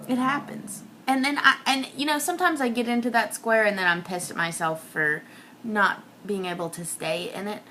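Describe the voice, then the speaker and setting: A young woman delivering a ranting, self-mocking comic monologue, dropping to whispers and jumping to high outbursts. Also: normal speed, noisy background.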